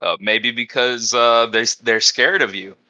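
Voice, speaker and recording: A man's voice: medium pitch, fairly even intonation, unhurried, sharp tone, dry recording, dull audio. A man hosting a wrestling press conference in upbeat announcer style, hyping and playing along. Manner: upbeat, hypes and plays along.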